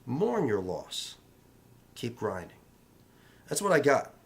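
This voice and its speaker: A man's voice: medium pitch, big pitch swings, slow pace, vocal fry. A man in real estate speaking in a casual vlog, giving emphatic, repetitive motivational advice in a coaching tone.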